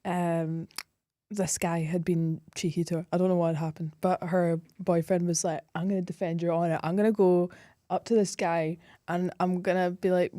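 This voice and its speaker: A woman's voice: lowish voice, flat delivery, normal speed, mellow, no room sound, studio quality. Chatty woman telling anecdotes. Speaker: podcast co-host. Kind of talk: casual chat.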